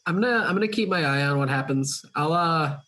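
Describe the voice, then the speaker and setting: A man's voice: fairly high pitch, animated, a little fast, bright, forceful tone. A man playing a tabletop game, talking casually with hesitant, stammering restarts. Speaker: player.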